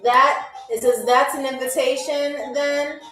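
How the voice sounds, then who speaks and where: Upbeat high-voiced woman game host. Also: fairly even intonation, measured pace, a bit bright. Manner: encouraging, chatty, keeps checking in with "okay?" and "all right?". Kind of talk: live-stream hosting, reading viewer comments. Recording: roomy sound from a distance with faint music.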